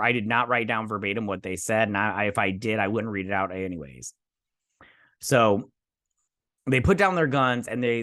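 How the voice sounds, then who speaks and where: A man talks through an episode he just watched, rambling and dipping into quick impressions of the characters. His voice sits at a middling pitch. The sound is dry and close. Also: fairly bright tone, dry recording. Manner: rambling, acting out quotes in passing. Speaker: show recapper. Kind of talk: casual episode recap.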